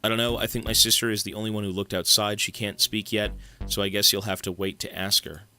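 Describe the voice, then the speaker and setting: Give me a man playing an eerie young boy, talking calmly about awful things in a bright, edgy voice. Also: on the low side, fast talker, soft background music. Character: young boy, calm, teeth growing through him.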